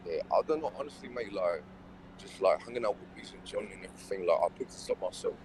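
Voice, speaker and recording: A man chatting over an online voice call, his voice sitting fairly low and a clear hiss of noise behind him. He rambles in slangy banter, peppering every line with "mate" and "brother", and puts on a British-style accent. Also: expressive, fast. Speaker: guest in voice chat. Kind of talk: casual banter. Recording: voice chat with clear background noise.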